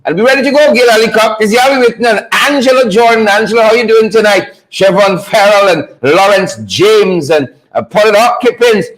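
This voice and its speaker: A man's voice: high voice, normal speed, hardly any pauses, poor audio. A man hosting a live online talk show, fired up, repeating catchphrases and greeting viewers by name.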